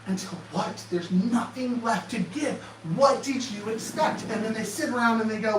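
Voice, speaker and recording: A man's voice: high voice, normal speed, few pauses, far from the mic, slight background noise. Man, motivational speaker, sarcastic rhetorical questions, echoey room, mic set back, faint background ambience. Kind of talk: motivational talk. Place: presentation room with projector.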